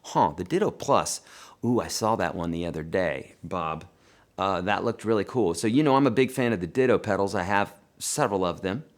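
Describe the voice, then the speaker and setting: A man hosting a live guitar lesson and Q&A, chatty and animated, talking to viewers as friends and reading their questions aloud. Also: low-pitched, normal speed. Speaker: guitar teacher hosting a livestream.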